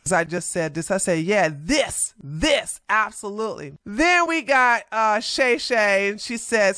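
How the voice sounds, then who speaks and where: A woman vlogger reacting to social media replies in a brash, sassy, confrontational way, with loud laughs. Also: fairly high pitch, expressive, takes it slowly, clean tone, no echo, studio quality. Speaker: commentary vlogger.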